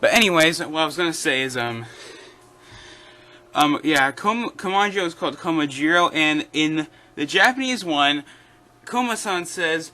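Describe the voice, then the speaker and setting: A man's voice: a little high, expressive, moderate pace, pauses often, bright, forceful tone. A man giving casual, rambling commentary in a video, airing strong opinions with frequent fillers. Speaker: YouTube commentator.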